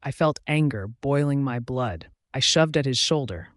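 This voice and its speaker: A man's voice: mid-range voice, animated, moderate pace, no room sound, clean studio sound. Man reading a romance audiobook. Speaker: audiobook narrator. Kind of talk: first-person audiobook narration.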